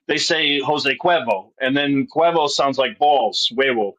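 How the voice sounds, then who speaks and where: A man in a casual chat, rambling with fillers and quick laughter. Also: medium pitch, a bit bright, poor audio.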